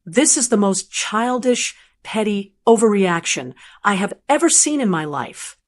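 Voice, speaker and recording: A woman's voice: mid-range voice, lively intonation, unhurried. A woman voicing an angry, hot-tempered middle-aged son who speaks indignantly.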